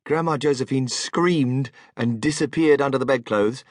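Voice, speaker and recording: A man narrating a children's audiobook in an animated, expressive storytelling manner, close to the microphone. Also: medium pitch, normal speed, no echo. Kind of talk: scripted narration.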